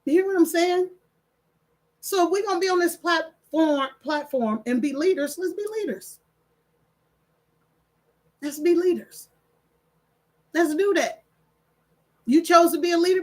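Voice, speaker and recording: High-voiced woman hosting a livestream. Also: lively intonation, a little slow, long pauses. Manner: emphatic, repeats phrases for stress; addresses viewers directly, preachy. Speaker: livestream host. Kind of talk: casual livestream chat, reading viewer comments.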